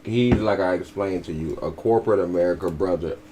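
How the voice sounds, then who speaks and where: A man's voice: low-pitched, fairly quick, mellow, slight background noise. A man giving blunt, profane, mocking commentary as a podcast co-host. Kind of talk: casual commentary.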